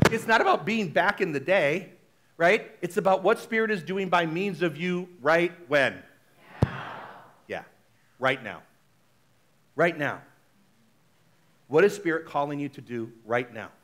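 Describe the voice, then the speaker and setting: Male minister, high voice, chatty conversational preaching, animated. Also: a little slow, long pauses. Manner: chatty, frequently asks the congregation "right?"; animated, shifts between loud exclamations and soft asides. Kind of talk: conversational sermon.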